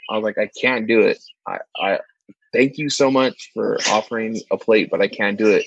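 Low-voiced man telling animated stories. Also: a little fast, slightly rough, no room sound, lo-fi sound. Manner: animated storyteller, acts out quoted voices much higher. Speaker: podcast co-host, church ministry worker. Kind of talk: casual storytelling chat.

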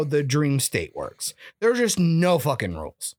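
A man's voice: a little high, huge pitch swings, a little slow, darkish tone, dry recording. A man co-hosting a casual movie review podcast, swearing a lot and putting on theatrical mock outrage. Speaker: podcast co-host.

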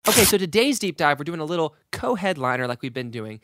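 A man's voice: on the high side, big pitch swings, quick pace, a bit bright, faint music behind. A young man co-hosting a casual podcast, joking around and trying out voice impressions. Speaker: podcast co-host. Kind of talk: casual chat.

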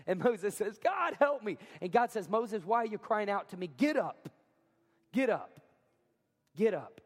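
A man's voice: high voice, expressive, unhurried. A man preaching a sermon as pastor, talking conversationally, often asking the congregation questions and acting out quotes. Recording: hall reverb.

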